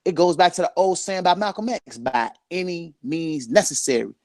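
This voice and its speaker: A man's voice: fairly high pitch, expressive, normal speed, dry recording, clean studio sound. A man in his forties talking candidly and earnestly about his life, getting emotional and repeating phrases for emphasis. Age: 40s. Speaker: guest sharing his life story. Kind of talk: candid conversation.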